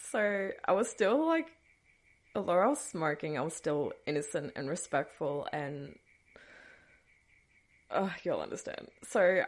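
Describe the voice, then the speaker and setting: A woman with a slightly low-pitched voice tells a personal story on her podcast. She talks casually, laughs often and shrugs things off with throwaway asides. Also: vocal fry. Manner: chatty, breaks into frequent nervous laughs; dismissive asides, trailing off. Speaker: podcast host.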